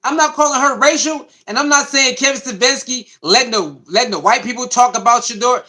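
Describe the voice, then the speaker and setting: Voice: medium pitch, brisk, sharp tone. A sports commentary host, reacting to clips and chat in a loose, repetitive way.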